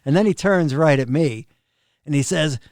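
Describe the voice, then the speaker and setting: A middle-aged man spins road anecdotes in a lively, laughing way, his voice sitting a bit high for a man. The sound is close and dry, with no room around it. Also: normal speed, no room sound. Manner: animated, laughs often, acts out quoted people. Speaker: professional drum tech, podcast guest. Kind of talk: casual storytelling of road anecdotes.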